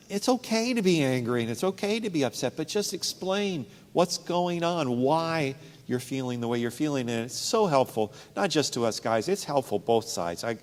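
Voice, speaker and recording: A man who works as a relationship counselor, talking casually in a panel discussion and telling anecdotes from his practice. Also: medium pitch. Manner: conversational, storytelling with anecdotes. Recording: long hall reverb.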